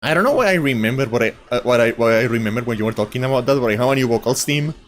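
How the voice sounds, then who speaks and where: A man whose first language is Spanish, hosting a casual podcast chat in a halting, filler-heavy, giggly way. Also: mid-range voice, slight background noise. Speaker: podcast host.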